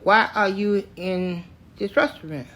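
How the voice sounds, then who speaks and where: An older man quoting a stern, threatening Southern lawman in his storytelling voice, speaking slowly. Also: sits high, sharp tone, exaggerated voice. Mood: menacing. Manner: curt, menacing commands.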